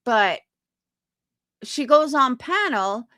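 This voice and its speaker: On a live stream, a young woman chats casually with viewers, reads comments, and vents in indignant, profane bursts, quoting others in put-on voices. Her voice sits high, bright and forceful, very animated yet extremely slow, in clean, echo-free studio sound.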